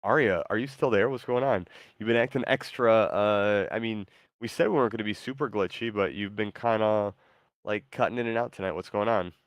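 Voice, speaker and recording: A man's voice: fairly low pitch, a little fast, no room sound, studio quality. A man hosting a stream, chatting casually and reading out viewer messages, hesitant with many ums and restarts. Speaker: streamer host.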